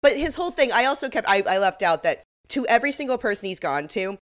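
A woman's voice: a little high, sing-song, fast. A young woman co-hosting a podcast, chatting casually and animatedly, swearing freely and acting out the quotes she retells. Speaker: podcast co-host. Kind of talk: casual chat recapping reality TV.

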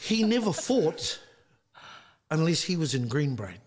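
A man's voice: on the high side, very animated, a little slow, a little hiss or hum. A middle-aged man from New Zealand with a Māori English accent, telling stories in a casual podcast chat and acting out voices. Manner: storytelling, acts out voices. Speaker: guest.

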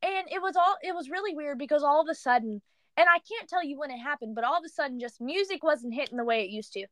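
A young woman co-hosting a podcast, telling a story in animated casual chat full of "like" fillers. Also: high voice, quick pace, dry recording. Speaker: podcast co-host.

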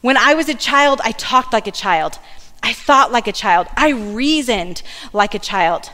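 A woman in her thirties giving a sermon in a church, telling family stories with lively asides. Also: a little high, measured pace, in a large hall. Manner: warm storytelling with asides and laughs. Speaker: church speaker. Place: church sanctuary.

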